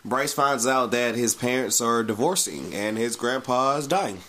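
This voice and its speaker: A man co-hosting a casual show recap, talking in an animated way with lots of swearing and fillers. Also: mid-range voice, measured pace. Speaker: podcast co-host. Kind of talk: casual chat.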